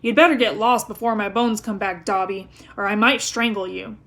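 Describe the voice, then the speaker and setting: Young schoolboy hero, read by a woman; earnest, sharp when annoyed. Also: mid-range voice, moderate pace, close to an everyday voice. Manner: earnest, sometimes fierce.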